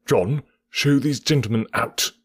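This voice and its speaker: A man's voice: mid-range voice, lively intonation, moderate pace, slightly rough, dry recording, studio quality. A man voicing a stern, curt middle-aged male doctor who turns furious, with clipped, cold, formal replies. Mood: angry.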